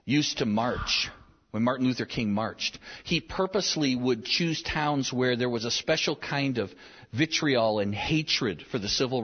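A man's voice: mid-range voice, slightly rough. A man in his thirties preaching a sermon as pastor, earnest and repeating phrases for emphasis. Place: large church sanctuary. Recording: reverberant hall, dull lo-fi sound.

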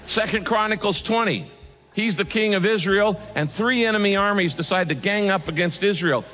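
A male pastor preaching a sermon, swinging from loud pleading prayers to hushed, earnest asides. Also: high-pitched, big pitch swings, moderate pace. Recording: music under the voice, long hall reverb.

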